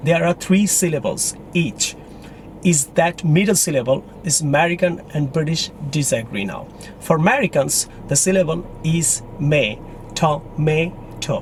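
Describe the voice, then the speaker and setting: A young Bangladeshi-accented man with a slightly high voice teaches English pronunciation, repeating each word slowly and drawing out its syllables. Faint traffic and passing vehicles can be heard behind him. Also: expressive. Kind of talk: video lesson, mixing Bengali and English.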